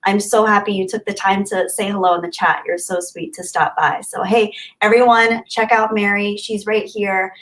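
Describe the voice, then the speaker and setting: A woman's voice: medium pitch, little pitch movement, normal speed, few pauses. Woman, livestream host, casual chat, gushing, friendly, young adult. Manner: warm, gushing, chatty with frequent laughs.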